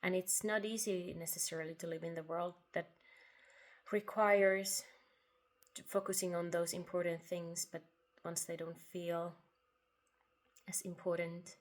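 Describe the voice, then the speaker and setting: A woman giving a reflective spoken monologue about spiritual ideas. She talks softly and without hurry, pausing often, sometimes dropping to a breathy half-whisper. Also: fairly low pitch, level tone. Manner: soft and unhurried, with long pauses, occasional breathy half-whispers and quiet laughs. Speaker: writer sharing spiritual reflections.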